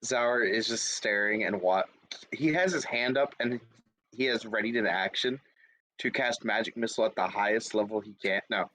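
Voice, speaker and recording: A man's voice: lowish voice, moderate pace, bright, forceful tone, dry recording, rough recording. A man describing his character's actions as a player in a tabletop game.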